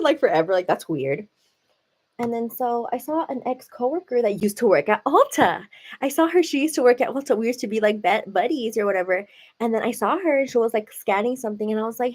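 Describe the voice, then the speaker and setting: A woman's voice: mid-range voice, normal speed. A woman hosting a live stream, telling a story in a casual, chatty way full of "like" and "you know". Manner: chatty, animated, heavy use of "like". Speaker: livestream host. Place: at home, seated.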